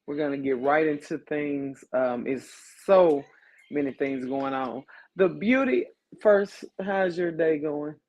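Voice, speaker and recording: A man's voice: a little high, darkish tone, muffled recording. A man hosting a live podcast in a loose, joking way, tired after a long day. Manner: loose, joking, drawn-out greetings. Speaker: podcast host. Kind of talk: casual live podcast chat.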